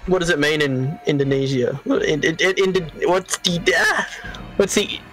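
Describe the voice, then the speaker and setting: A man co-hosting a game stream, excitable and giggly, tripping over his words as he chats. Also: on the high side, normal speed, soft background music, low-quality recording. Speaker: co-host. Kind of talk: casual gameplay chat.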